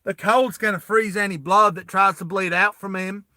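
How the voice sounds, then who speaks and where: A wild-eyed joker of a climber mocks the hard measures, voiced by a man retelling a film. His voice sits higher and bright. It is recorded close and dry. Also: fairly even intonation, moderate pace, no echo. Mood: joking. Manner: joking, teasing. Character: joking male climber, wild-eyed stirrer.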